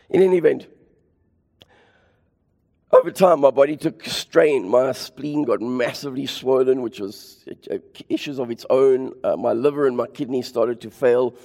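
A man preaching a sermon and telling his own story, impassioned, repeating phrases for emphasis and building to near shouts. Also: a little high, vocal fry. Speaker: preacher sharing his testimony. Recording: long hall reverb.

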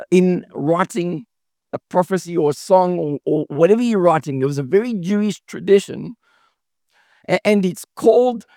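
Male pastor, high voice, earnest sermon delivery with frequent restarts, dry close sound. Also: darkish tone, no room sound. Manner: earnest, often restarts and repeats words.

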